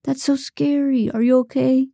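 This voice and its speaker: A woman's voice: sits high, fairly even intonation, normal speed, gravelly, mellow, no room sound, clean studio sound, voice pushed up. A woman reading the part of a smarmy, overly familiar young man in an audiobook, cooing and fawning.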